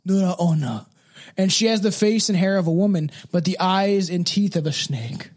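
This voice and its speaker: Reading folklore on a relaxed chat show he co-hosts, this man laughs often and swears without restraint. He has a high, darkish voice and speaks at normal speed.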